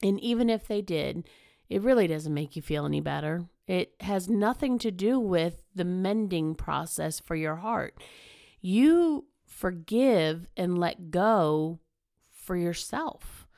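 Slow, gravelly-voiced woman podcaster. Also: on the low side, warm tone, no echo, clean studio sound. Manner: earnest, emphatic, conversational with fillers. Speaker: podcast host. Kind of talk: motivational podcast monologue.

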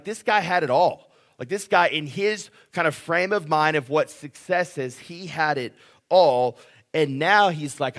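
A man's voice: on the high side, a bit bright. A man preaching a sermon in a conversational way, often restarting phrases and asking "right?". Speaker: pastor.

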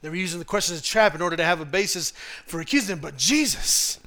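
A male pastor preaching a sermon to a congregation in an animated, humorous, conversational way. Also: on the high side, quick pace. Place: church in front of a congregation.

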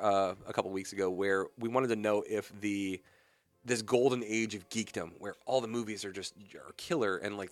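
A young adult man hosting a radio talk show, chatting casually and ranting with growing animation. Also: no room sound. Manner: animated, rants with rising pitch and volume. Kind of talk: casual chat. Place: radio studio.

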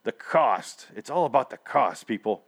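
A man's voice: medium pitch, lively intonation, moderate pace, vocal fry. A man hosting a casual TV review show, rambling and swearing, often stopping mid-sentence to restart. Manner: rambling, profane, self-interrupting. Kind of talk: casual solo review chat.

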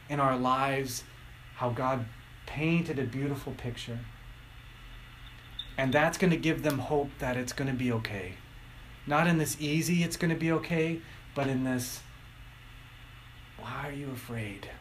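Middle-aged male preacher, unhurried, animated storyteller, faint room noise. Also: mid-range voice, low-quality recording. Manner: animated storytelling, acting out quotes. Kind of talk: sermon.

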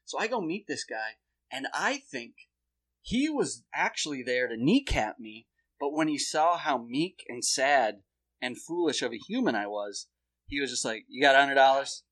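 A man's voice: medium pitch, big pitch swings, a little slow, fairly bright tone. A man co-hosting a comedy chat, telling stories casually, laughing often and swearing freely. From lived in New York. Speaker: comedian podcast co-host.

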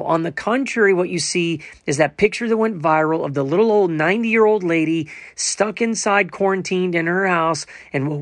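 A man's voice: a little high, dry recording, studio quality. A man giving an emphatic sermon monologue, full of rhetorical asides and quoted scripture. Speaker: preacher.

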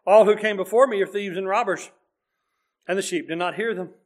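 A man's voice: high voice, fairly quick. A man preaching a sermon in an earnest, conversational way, reading scripture aloud as he goes.

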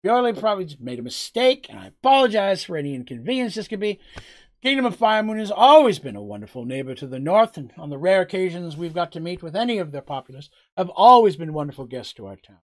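A game master playing a wary village man who anxiously flatters a visiting prince in a tabletop game. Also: medium pitch, quick pace, natural voice. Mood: appeasing. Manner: anxious, appeasing, over-polite.

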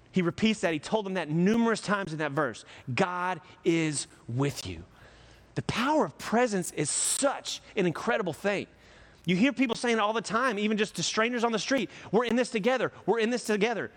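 A man's voice: high voice, lively intonation, normal speed, in a large hall. A man from the United States preaching a conversational, joking sermon as pastor.

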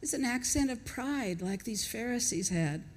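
A woman's voice: on the high side, animated, moderate pace. Woman preaching a conversational sermon. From not from Australia, lives there. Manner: conversational, reflective, chuckles between points.

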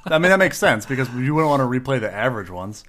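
A man's voice: medium pitch, very animated, fast talker, fairly bright tone, slight background noise. Joking, rambling man co-hosting a podcast. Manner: joking, laughs often, rambling asides. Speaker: podcast co-host. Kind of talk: casual podcast banter.

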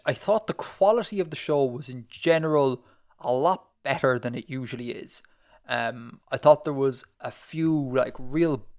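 Man, podcast co-host, chatty and digressive, loose filler-heavy delivery. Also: medium pitch. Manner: rambling, animated, lots of fillers and restarts. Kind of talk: casual chat.

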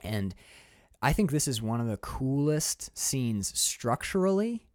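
A man, a podcast co-host, casually and profanely retelling a movie scene with lively energy. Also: medium pitch, dry recording, studio quality. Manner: animated, profane, quick storytelling. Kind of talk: casual film discussion.

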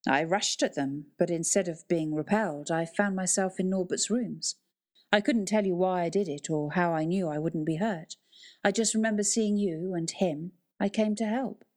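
A woman's voice: fairly low pitch, normal speed, a little mellow, lightly acted. A woman voicing Moulton, an intense adult man who speaks with urgent emphasis, in an audiobook reading. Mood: explaining.

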